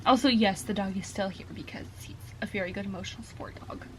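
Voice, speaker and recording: A woman's voice: mid-range voice, slight background noise. A young woman in her twenties vlogging while reading, reacting with gushing, emotional exclamations. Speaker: book vlogger. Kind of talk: casual reading vlog chat.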